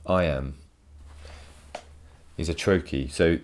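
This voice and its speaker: A man with a very low voice talks through a poem for his students. He explains with enthusiasm and repeats words as he works out each point. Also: extremely slow. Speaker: teacher. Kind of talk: recorded poetry lesson. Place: home.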